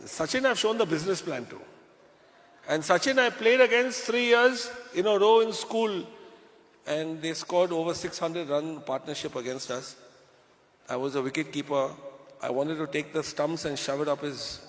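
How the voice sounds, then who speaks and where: A man with an Indian English accent speaks in a fairly high voice, chatty and joking as he works the crowd at a business event. His words ring out with a long hall reverb. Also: normal speed, slight background noise. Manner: chatty, jokey, addresses the crowd. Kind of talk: motivational stage talk.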